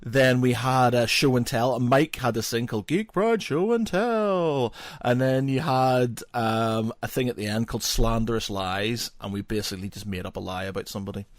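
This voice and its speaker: A man, hosting a podcast in casual chat, relaxed and quick to laugh. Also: mid-range voice, no room sound. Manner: relaxed, laughs easily, wraps up the show. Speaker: podcast host.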